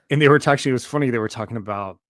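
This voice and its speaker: A man co-hosting a casual podcast, his voice at an ordinary middle pitch. He talks with easy enthusiasm and plenty of slang. The recording is dry and close. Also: rapid-fire, a bit bright, dry recording. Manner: enthusiastic, slangy, says bro and dude. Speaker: podcast co-host. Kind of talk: casual chat.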